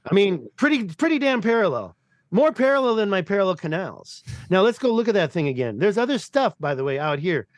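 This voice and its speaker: A man from the United States talking in a rambling, excitable way as a podcast guest over a video call, swearing casually. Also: high voice, fairly quick, no room sound.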